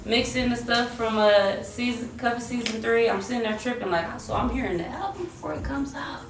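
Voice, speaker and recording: A young woman spins a lively storytime, voicing the people in it and breaking into snatches of melody. She sounds set back from the mic in a roomy space with a faint hiss underneath. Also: a little high, brisk, creaky, recorded from a distance. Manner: animated, acts out quotes and slips into singing. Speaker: singer telling her story. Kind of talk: casual storytime chat.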